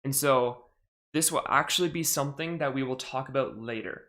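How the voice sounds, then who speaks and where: Young guy rambling on a live stream, chatty, keeps correcting himself, mid-pitched voice. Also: brisk, sharp tone. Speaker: podcast host on a charity stream. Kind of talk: casual live-stream talk about astronomy.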